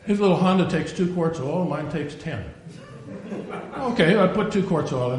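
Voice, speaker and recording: A man's voice: expressive, normal speed, darkish tone. An older man preaching a sermon, a digressive storyteller who acts out the quotes he tells. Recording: very echoey room, faint rumble.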